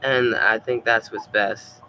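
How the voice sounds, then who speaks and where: Bright-voiced man rambling casually. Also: fairly low pitch, slow, slight background noise, poor audio. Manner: rambling, loose and animated, lots of fillers and laughter. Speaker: streamer.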